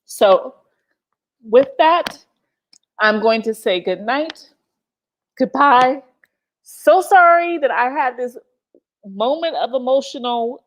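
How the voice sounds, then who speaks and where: A woman's voice: sits high, lively intonation, slow, long pauses. A teary woman talks straight to her livestream viewers. She is passionate and swears freely, and she repeats her lines for emphasis. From United States. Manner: passionate, profane, speaks in emphatic repetitions. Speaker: livestream host. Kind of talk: emotional livestream talk.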